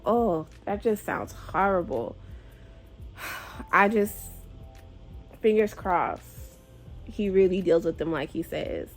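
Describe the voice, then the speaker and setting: A woman talks through a novel in a loose, chatty vlog, reacting emotionally and sighing often. Her voice sits at an ordinary middle pitch. Faint music plays quietly underneath. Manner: chatty and emotive, with frequent sighs. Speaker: book club vlogger. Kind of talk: casual book discussion.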